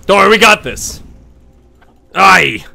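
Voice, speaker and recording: A young man chats over his gameplay, excitable and quick to swear and laugh. His voice is bright and swings up and down a lot. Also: sits high, creaky, soft background music. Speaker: gaming channel host. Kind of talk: casual gameplay commentary.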